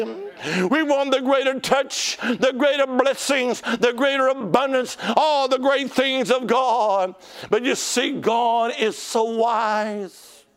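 High gravelly-voiced male preacher. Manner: call-and-response preaching, urging the congregation. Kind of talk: sermon.

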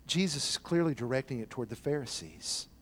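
A male pastor preaching a sermon, dropping to quiet low passages and rising to loud, excited, shouted ones, acting out the people in the parables. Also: fairly quick, slight background noise.

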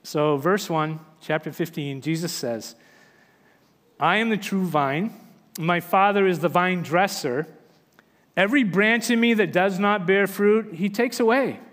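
A man with a notably high voice preaches in a church sanctuary, reading scripture and then unpacking it. His delivery is earnest and emphatic, rising and falling for stress. The sound carries a long, hall-like reverb. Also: unhurried, a bit bright. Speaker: pastor.

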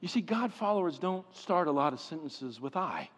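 A man preaching a sermon with passion, swinging from loud pleading to hushed, quiet stretches. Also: a little high, big pitch swings, normal speed, husky. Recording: long hall reverb.

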